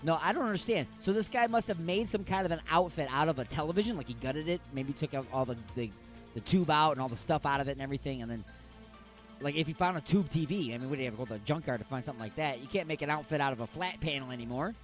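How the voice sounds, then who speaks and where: A man's voice: fairly high pitch, quick pace, faint music behind. A man hosting a radio show, riffing on odd news stories in a rambling, mock-outraged way.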